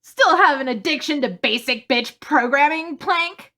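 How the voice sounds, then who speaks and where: A woman's voice: high-pitched, animated, measured pace, pushed and bright, heavily acted. A woman voicing a snooty, glamorous woman journalist in a live fan fiction read-through, with a haughty, mocking manner.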